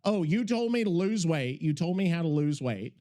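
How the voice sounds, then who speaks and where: A man's voice: on the high side, animated, moderate pace, dark tone. A man hosting a podcast in casual chat, rambling, profane and easily worked up. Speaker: podcast host.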